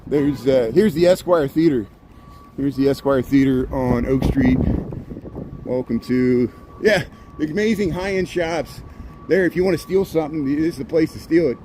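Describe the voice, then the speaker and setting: A man's voice: on the high side, moderate pace. A man giving rambling, chatty walking commentary on city streets, with sarcastic asides, recorded on a handheld phone. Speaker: walking tour vlogger. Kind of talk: casual live-stream walking commentary. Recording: street noise and passing traffic.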